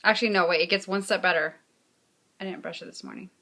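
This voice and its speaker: Brief: woman co-host, bright tense tone, encouraging and chatty. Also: lowish voice, fairly even intonation. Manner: supportive, quick interjections. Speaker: podcast co-host. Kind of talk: casual chat.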